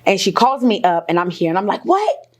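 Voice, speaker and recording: A woman's voice: on the low side, fast talker. A middle-aged woman, a guest in an interview, telling her own story with candid energy, laughing often. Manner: animated, laughs often, acts out quoted voices.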